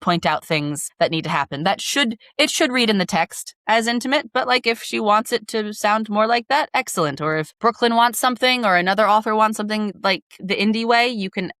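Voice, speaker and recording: A woman's voice: mid-range voice, lively intonation, fairly quick, hardly any pauses, fairly bright tone, no echo, clean studio sound. A woman who narrates audiobooks, talking casually in an interview with lots of filler words. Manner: chatty, many "like" fillers, demonstrates voices in passing.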